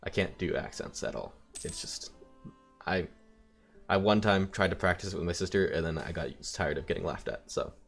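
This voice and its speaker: Deep gravelly man narrating gameplay. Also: normal speed, soft background music. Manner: thinking aloud, wry asides. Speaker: let's play host. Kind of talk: casual strategy-game commentary.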